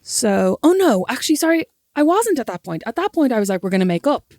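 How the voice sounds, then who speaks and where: A young Irish woman co-hosting a podcast, telling a story in a lively, self-mocking way. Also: fairly high pitch, fast talker, no echo, studio quality. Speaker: podcast co-host. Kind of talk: casual chat, storytelling.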